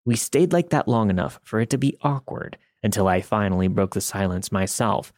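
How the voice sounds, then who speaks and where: A man's voice: on the low side, expressive, moderate pace, a little mellow, dry recording, studio quality. A man narrating a first-person story in a wry, conversational way.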